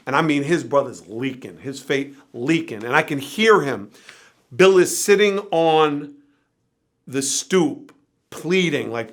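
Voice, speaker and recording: A man with a bright, somewhat high voice tells an interview story full of swearing. His delivery jumps between excited bursts and low, weary muttering. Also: a little slow. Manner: animated, profane anecdote telling; shifts between energetic bursts and low tired murmurs. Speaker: interview guest.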